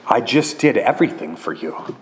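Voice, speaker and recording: A man voicing God as a patient, loving father who reassures his thirsty people, speaking gently and earnestly. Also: lowish voice, big pitch swings, moderate pace, a little hiss or hum.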